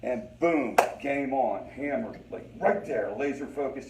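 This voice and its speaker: A man of middle pitch leads a support group in a loose, conversational teaching style. He repeats himself for emphasis and keeps checking in with the listeners. His delivery is informal and unscripted. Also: measured pace, darkish tone, slight background noise, poor audio. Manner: conversational, repeats phrases, addresses listeners as guys. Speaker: recovery group facilitator.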